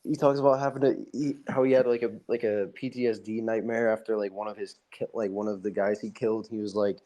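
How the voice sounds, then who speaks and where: A man's voice: on the low side, fairly even intonation, fast talker, mellow. A young man co-hosting a podcast in casual chat, talking loosely and profanely, laughing often and using plenty of filler. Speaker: podcast co-host.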